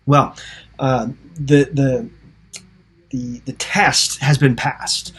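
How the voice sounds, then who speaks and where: A man's voice: mid-range voice, slightly rough. A man teaching a Bible study, talking earnestly and often restarting his sentences as he retells scripture. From United States. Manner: earnest, with frequent restarts and emotive paraphrase of scripture.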